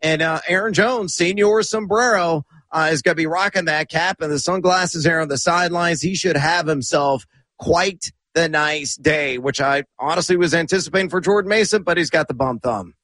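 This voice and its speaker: A man with a slightly high voice who makes confident fantasy football calls on sports radio. He drops puns and nicknames as he talks. The sound is dry and close to the mic. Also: moderate pace, pushed and bright, dry recording. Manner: confident, punny predictions.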